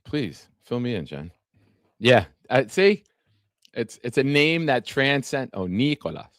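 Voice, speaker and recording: A man's voice: mid-range voice, sing-song, slow pace, a bit bright, no room sound, studio quality. A man hosting a casual live-streamed sports talk show, chatting with viewers by name and reading from an article. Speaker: podcast host.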